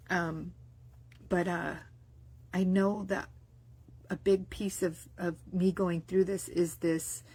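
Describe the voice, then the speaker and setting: A woman with a soft, breathy voice talks to camera in a loose spoken diary. She rambles along, restarting her sentences and filling gaps with fillers. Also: fairly low pitch. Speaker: mindset vlogger and business owner. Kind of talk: casual spoken diary monologue.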